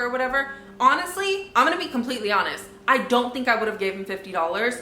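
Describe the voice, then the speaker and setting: A woman's voice: a little high, animated, fast, pushed and bright, roomy sound, a little hiss or hum. A young woman vlogger telling a storytime vlog in an indignant, conversational way, with many fillers.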